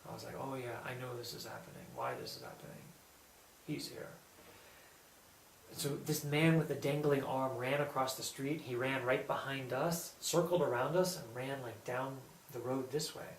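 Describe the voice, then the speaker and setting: A man telling a personal anecdote in a casual, animated way, quoting others in lively bursts. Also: medium pitch, normal speed, gravelly. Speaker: storyteller. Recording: roomy echo, distant mic, faint background hum.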